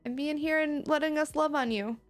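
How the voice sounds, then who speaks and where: A woman streaming live, chatting with her viewers, reading their messages aloud and reassuring them gently and warmly. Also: sits high, a little fast, soft background music. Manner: gentle, reassuring and affectionate toward chat.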